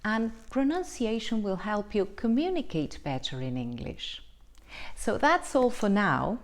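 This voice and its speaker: A woman gives an online English pronunciation lesson in an unhurried, deliberate way. Her pitch rises and falls expressively as she explains points and checks in with her learners. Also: big pitch swings. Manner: slow, deliberate, explanatory with frequent checks like "right?".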